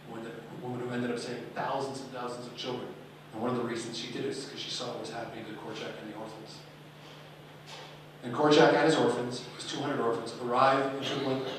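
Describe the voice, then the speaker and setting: A man's voice: mid-range voice, noisy background. A man telling stories dramatically to an audience. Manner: dramatic, animated storytelling. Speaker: speaker. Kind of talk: storytelling talk. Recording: echoey hall, speaker far from mic.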